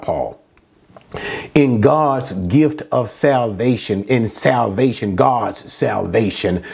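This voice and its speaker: Slow, lively-voiced man preaching. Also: fairly high pitch. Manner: emphatic, asks and answers his own questions. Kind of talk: expository sermon.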